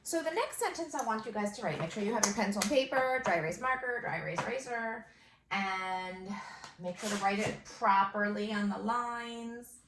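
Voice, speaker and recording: A young adult woman teaching a first grade phonics lesson, encouraging and sing-song, stretching out sentences slowly as she dictates them. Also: mid-range voice, background noise. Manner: slow, drawn-out dictation of sentences. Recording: echoey room.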